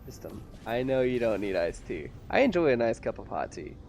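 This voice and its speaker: Gravelly American man streaming. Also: medium pitch, big pitch swings, a little fast, darkish tone, a little hiss or hum. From United States. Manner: muttering to himself while playing, chatting with viewers. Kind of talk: casual gameplay commentary.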